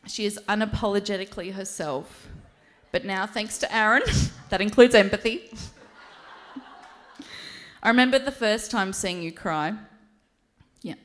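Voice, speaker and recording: A woman's voice: mid-range voice, unhurried, long pauses. A woman giving a maid of honor speech at a wedding reception, reading a prepared toast and laughing and tearing up along the way.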